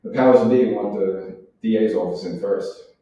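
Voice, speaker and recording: A man acting a concerned district attorney husband in a live sketch, pressing his wife with gentle questions. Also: fairly low pitch, moderate pace, natural voice. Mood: probing. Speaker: actor in a stage sketch. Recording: echoey room, mic far off, faint noise.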